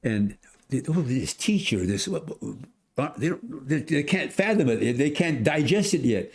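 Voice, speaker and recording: Very old man telling a lively story. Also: mid-range voice, moderate pace. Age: 100s. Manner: animated storyteller, acts out voices, many restarts. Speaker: podcast guest. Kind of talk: storytelling in casual conversation.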